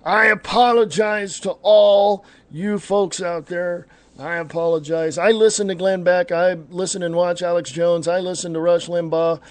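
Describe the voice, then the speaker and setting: A man's voice: high-pitched, fairly even intonation, moderate pace, no room sound. A man hosting an online talk radio show, ranting bluntly and combatively and stopping now and then to correct himself.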